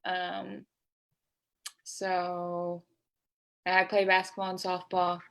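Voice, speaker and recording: A woman's voice: lowish voice, monotone, extremely slow, creaky, a bit bright. A young woman, a student-athlete guest, speaking hesitantly in a casual interview with many fillers. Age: young adult.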